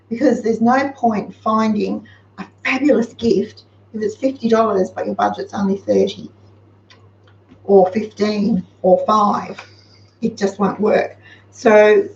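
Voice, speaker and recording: A woman's voice: on the high side, a little mellow, far from the mic. Australian woman, host, casual practical chatter; echoey room, faint background hiss. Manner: chatty, practical, giving homely advice. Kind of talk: casual live-show chat. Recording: roomy, slightly dull sound with faint noise.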